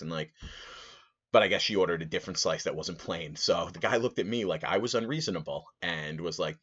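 A man with a very deep voice tells a casual podcast story, rambling and animated, with plenty of "like" and "uh". The sound is dull and a bit lo-fi. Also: quick pace. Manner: rambling, animated, full of fillers. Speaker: podcast host.

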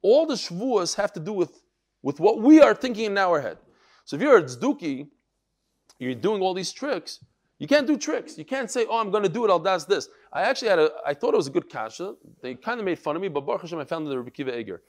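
A man giving a Talmud class lecture, explaining quickly and acting out the people he quotes. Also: high-pitched. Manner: animated, acts out quoted speakers. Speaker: Talmud teacher.

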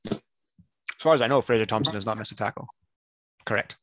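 A man's voice: on the low side, a little fast, noisy background. A man co-hosting a casual sports podcast, chatting and teasing with lots of ums. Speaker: podcast co-host. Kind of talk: casual chat.

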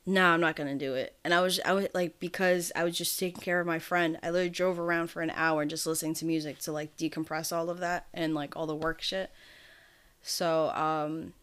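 A woman's voice: low-pitched, fairly even intonation, fairly quick, fairly bright tone, clear, resonant tone. A woman co-hosting a podcast over a video call, chatting casually in a rambling, profane way and laughing often. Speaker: podcast co-host. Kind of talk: casual chat. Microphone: remote video call mic.

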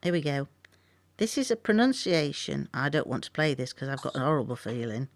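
Wry, lively British woman, dry sound. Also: very deep voice, brisk, no echo. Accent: British English. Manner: chatty, wry, swears mildly. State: jet-lagged. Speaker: podcast co-host. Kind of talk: casual chat.

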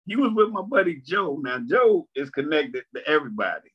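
A man's voice: on the high side, big pitch swings, brisk, slightly rough. A male stand-up comedian in casual chat, reminiscing in a laid-back way. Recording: dull lo-fi sound.

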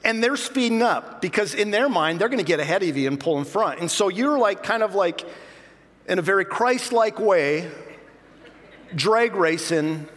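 A middle-aged pastor telling self-mocking stories in an animated sermon. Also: male voice, high voice, normal speed, big-room sound.

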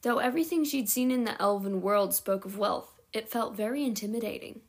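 A woman's voice: fairly high pitch, a little fast. A woman reading a novel aloud at home, with small slips and self-corrections along the way. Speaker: audiobook reader.

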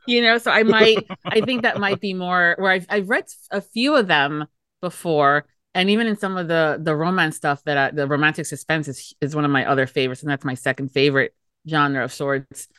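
Low-voiced woman rambling as a podcast guest. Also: fairly even intonation, fairly quick, a bit bright, smooth, no room sound, studio quality. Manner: rambling, hesitant, giggly. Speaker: podcast guest, audiobook promoter. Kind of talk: casual interview chat.

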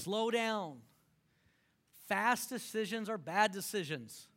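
A man from Texas, preaching a sermon in an animated, repetitive way and calling on the congregation to repeat after him. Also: sits high, a little slow. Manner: animated, repetitive, calls for audience response. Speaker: pastor.

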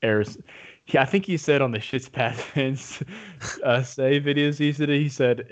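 A man in casual sports talk, telling a game story with excited, rambling restarts. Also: medium pitch, a little slow. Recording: dull lo-fi audio.

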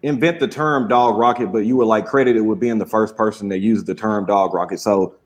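A man's voice: lowish voice, fairly even intonation, brisk. A man hosting a live online show, asking a guest questions in a loose, hesitant way with fillers. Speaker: show host.

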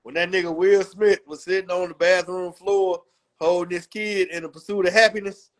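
A man with a strikingly high voice co-hosts a casual podcast chat. He tells profane, joking stories and throws in quotes of himself. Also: fairly even intonation, normal speed. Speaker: podcast co-host.

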